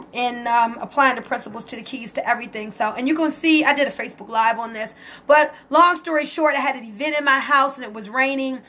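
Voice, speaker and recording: Excited high-voiced woman. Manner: excited, emotional, talks to viewers and reads their comments aloud. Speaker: network marketer hosting a live stream. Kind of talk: casual Facebook Live testimony.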